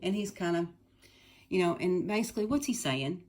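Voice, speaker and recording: A middle-aged woman teacher talks students through a play in a loose, chatty way. Her voice sits a bit low, and she paraphrases the lines into everyday talk. She clears her throat again and again. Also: animated, normal speed, a little mellow. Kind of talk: casual retelling of a play for students.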